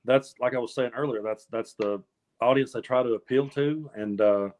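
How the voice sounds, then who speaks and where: A medium-pitched, slightly mellow male voice at normal speed belongs to a co-host from the Appalachian South of the US. On a casual political chat show, he speaks earnestly and rambles, often repeating words as he restarts his sentences.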